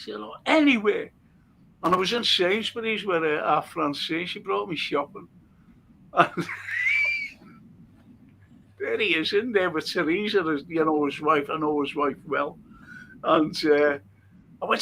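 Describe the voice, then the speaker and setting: A man's voice: on the high side, normal speed, creaky, pauses often, fairly bright tone, a little hiss or hum. An older man with a Liverpool accent, hosting a casual chat, reading out viewer comments and telling stories with frequent laughter. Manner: storytelling, laughing often. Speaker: host.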